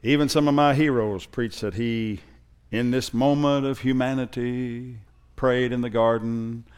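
A man's voice: mid-range voice, fairly even intonation, measured pace, a little mellow, smooth. A male pastor preaching to a congregation, conversational at first and building in force. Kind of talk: sermon.

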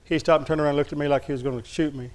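A man's voice: on the high side, steady tone, racing, a little mellow. A male pastor preaching a sermon, telling a personal story in a folksy, candid, humorous way to his congregation.

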